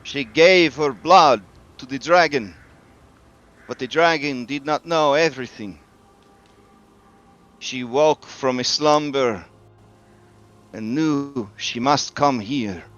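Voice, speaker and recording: A woman's voice: very deep voice, slow pace, long pauses, lo-fi sound, pitched above the performer's own voice. A man voicing a grave young woman who rides a bear, speaking in formal, solemn phrases.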